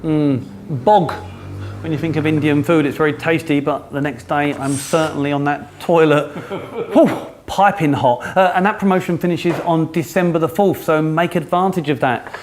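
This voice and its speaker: Upbeat male co-host, a touch high, casual and jokey. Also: normal speed, slight background noise. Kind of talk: casual chat.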